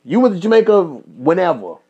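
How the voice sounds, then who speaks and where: A man's voice: high-pitched, brisk, slightly rough, dull audio. A man from Kentucky with a Kentucky accent, a podcast host in casual, profane chat. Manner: profane, animated storytelling.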